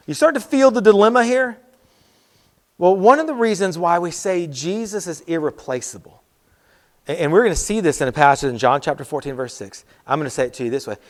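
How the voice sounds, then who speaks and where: A man giving a youth sermon in a casual, talky way, repeating key phrases. His voice sits high for a man, and he slips into quoted voices as he goes. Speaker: youth pastor.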